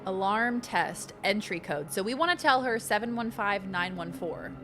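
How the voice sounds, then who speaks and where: A woman's voice: medium pitch, animated, normal speed, over music. A woman streaming a video game, chatting casually and reading the game's text aloud with jokey asides. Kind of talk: casual let's-play chat.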